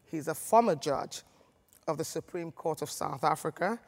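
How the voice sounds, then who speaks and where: Formal moderator in a reverberant hall. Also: male voice, on the high side, normal speed, vocal fry. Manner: formal, reading out credentials. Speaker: conference moderator. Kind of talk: formal introduction.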